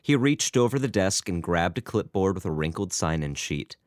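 Very deep-voiced deadpan male narrator. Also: normal speed, dry recording, studio quality. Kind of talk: scripted narration.

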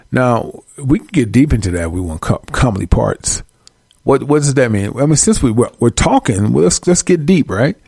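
Gravelly guy doing a laid-back bible study, folksy and animated, talking right to viewers, dry close sound. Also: medium pitch, moderate pace, no echo. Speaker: Bible teacher. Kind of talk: casual online Bible study.

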